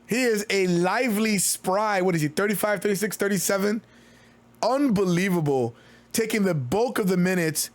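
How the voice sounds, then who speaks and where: Calling a basketball game live, an excited man rattles off rapid play-by-play with loud outbursts. His high-pitched voice is turning hoarse as he loses it.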